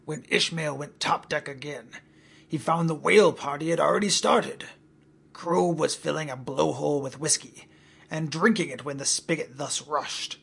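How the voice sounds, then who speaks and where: A man narrates a comic tale in a deadpan way. His voice is gravelly and husky, and a little higher than usual. He reads the story straight and lets the jokes land on their own. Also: moderate pace.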